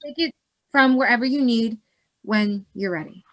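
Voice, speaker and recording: A woman's voice: on the high side, moderate pace, natural voice. A woman playing a blunt, directive actor who leads a rehearsal in a stage play. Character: bossy female actor leading the rehearsal.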